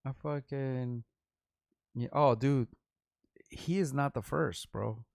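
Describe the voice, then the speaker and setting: Middle-aged rapper hosting his own vlog, gravelly, rambling and profane, recorded dry. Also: medium pitch, takes it slowly, no room sound. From Los Angeles. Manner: rambling, profane, animated retelling with repeats. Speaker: vlog host, underground rapper. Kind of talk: casual storytelling.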